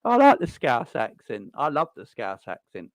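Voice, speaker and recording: Bloke on a livestream chatting to viewers, mid pitch, blunt, keeps repeating himself, dry close mic. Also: male voice, wildly swooping pitch, normal speed, dry recording. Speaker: livestream host reacting to a football match. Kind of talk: casual live chat reading viewer comments.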